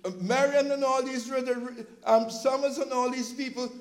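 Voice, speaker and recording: A male preacher giving an impassioned sermon, telling stories from his church's food pantry and at times rising to a shout. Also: extremely high pitch, level tone, moderate pace, low-quality recording. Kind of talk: sermon with storytelling.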